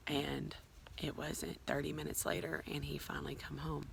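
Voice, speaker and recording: A woman's voice: deep voice, little pitch movement, moderate pace, vocal fry, slight background noise, poor audio. A woman telling her own story to a phone camera at home, rambling with many fillers and asides. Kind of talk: casual personal storytelling. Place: at home, filming herself on a phone.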